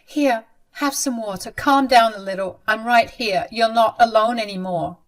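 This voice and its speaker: A woman's voice: a little high, moderate pace, lightly acted. A woman voicing a caring young bride who speaks in an urgent, emphatic way. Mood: concerned, indignant.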